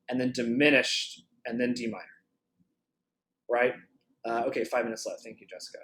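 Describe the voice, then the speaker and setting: A man's voice: on the high side, expressive, normal speed. A man teaching a clarinet masterclass over a video call. He thinks aloud with restarts and fillers, and sings the phrases on nonsense syllables to show what he means. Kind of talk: masterclass coaching.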